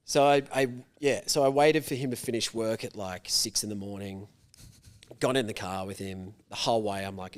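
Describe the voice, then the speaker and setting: A man's voice: lowish voice, fairly quick. An Australian man telling a long story on a casual podcast, rambling and swearing, with many fillers. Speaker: podcast co-host.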